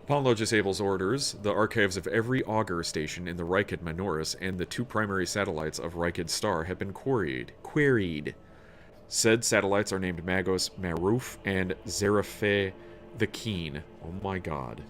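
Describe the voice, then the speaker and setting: A man's voice: low-pitched, moderate pace, a bit bright, slight background noise. A man streaming a role-playing video game, reading its text aloud in a casual, swearing tone and tripping over words now and then.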